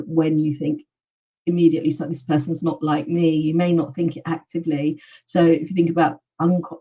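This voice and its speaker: A middle-aged woman answering interview questions over a video call, speaking in a measured, thoughtful way with frequent pauses. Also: sits low, dark tone, slightly rough. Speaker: guest, communications specialist. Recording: dull, distant video-call audio.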